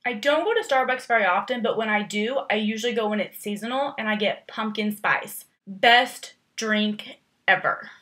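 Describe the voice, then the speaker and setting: A young woman chatting straight to her camera, rambling and playful, her talk full of fillers. Her voice sits a little high and sounds bright and forward. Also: brisk, few pauses. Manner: playful, exaggerated emphasis. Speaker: vlogger. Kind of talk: casual chat answering tag questions.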